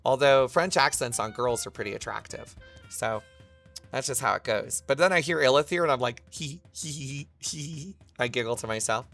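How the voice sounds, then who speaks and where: A man's voice: medium pitch, brisk, creaky, fairly bright tone, soft background music. A man livestreaming casually, reading his chat messages aloud and answering them with crude, profane jokes. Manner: crude, profane, joking banter.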